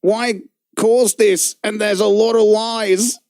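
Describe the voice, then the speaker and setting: A man mimicking a whiny, aggrieved young man who talks in a slow, wounded, plaintive way. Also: sits high, steady tone, darkish tone, no echo, voice pushed up.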